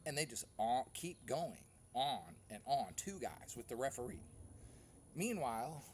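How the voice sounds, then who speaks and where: A man's voice: mid-range voice, unhurried, slight background noise. A man, a goalkeeper animatedly recapping his own soccer match in casual commentary. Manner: animated storytelling, acts out other players.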